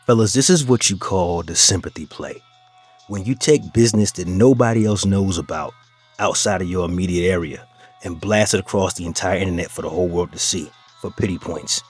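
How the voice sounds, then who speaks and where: Male reaction-channel host, lowish voice, sneering tone toward the clips he plays, faint music bed. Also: brisk, darkish tone, breathy edge. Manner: mocking, addresses listeners as "fellas". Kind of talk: reaction commentary.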